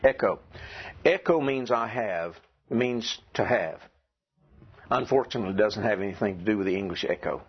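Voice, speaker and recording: A man teaching a classroom lesson, asking his students questions and clearing his throat now and then. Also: fairly low pitch, expressive, moderate pace. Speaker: Greek teacher. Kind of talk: classroom lecture. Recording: dull lo-fi classroom recording.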